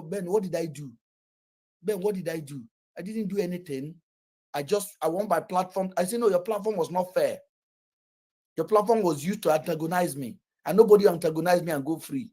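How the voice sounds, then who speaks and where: Nigerian male host, casual storyteller, blunt and boastful, husky mid-pitched voice. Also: mellow. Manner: blunt, boastful, swears freely. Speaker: podcast host.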